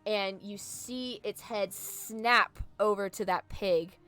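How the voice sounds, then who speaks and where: Woman game master, tabletop narration, slow pace, bright voice, dry close sound. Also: medium pitch, dry recording, soft background music. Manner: descriptive, filler-heavy, laughs easily.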